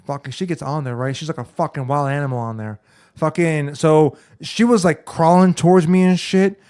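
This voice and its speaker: A man's voice: fairly high pitch, moderate pace, darkish tone, clean tone. Rambling, foul-mouthed young man. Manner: rambling storyteller, swears a lot, restarts often. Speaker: podcast co-host. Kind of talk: casual crude chat.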